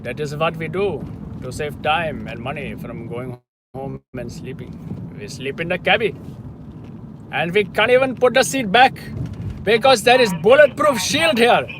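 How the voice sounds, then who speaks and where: A man putting on an Indian accent to play a tired male cab driver, speaking loudly and emphatically. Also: on the high side, animated, a little slow, noisy background. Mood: complaining. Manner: loud, emphatic put-on accent.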